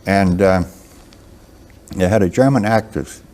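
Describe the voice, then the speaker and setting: Older man, Southern accent, very low voice, mellow tone, halting and unhurried. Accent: Southern American. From American South. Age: 70s. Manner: slow, halting, with many fillers and restarts. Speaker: guest writer. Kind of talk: interview.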